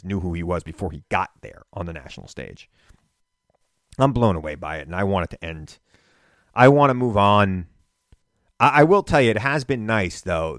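A man hosting a radio talk show, delivering an animated political monologue with indignant emphasis. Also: lowish voice, no room sound, clean studio sound.

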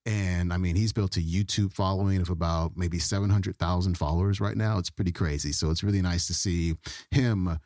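Deep-voiced man hosting a podcast. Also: brisk, dry recording, clean studio sound. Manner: relaxed, chatty, upbeat sign-off. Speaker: podcast host. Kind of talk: casual show outro.

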